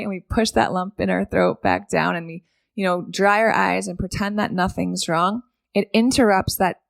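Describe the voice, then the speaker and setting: A woman's voice: medium pitch, creaky, dry recording, clean studio sound. A woman hosting a solo podcast, talking casually and often asking "right?" to keep the listener with her. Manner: conversational, keeps asking "right?". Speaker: podcast host.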